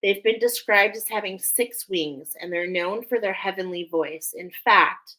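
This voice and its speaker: A woman's voice: on the low side, steady tone, a little slow, bright, forceful tone, poor audio. A woman hosting a spiritual oracle card reading, talking effusively and often emotionally. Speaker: angel oracle card reader.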